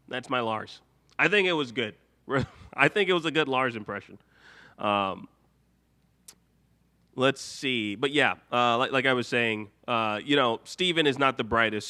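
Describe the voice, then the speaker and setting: A man's voice: medium pitch, sharp tone. A young man hosting a live show, rambling casually, reading viewer comments aloud and laughing often. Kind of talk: casual live stream chat.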